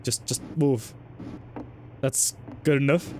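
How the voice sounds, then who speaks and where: A man's voice: mid-range voice, fairly even intonation, slow pace, darkish tone, slight background noise. A man streaming a game in casual commentary, chatty, swearing and joking while talking to his chat.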